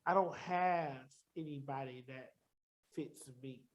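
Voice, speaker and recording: A musician guest on a podcast speaks slowly in a voice on the high side, with the highs cut off. In the casual interview he's candid and reflective, often restarting his sentences.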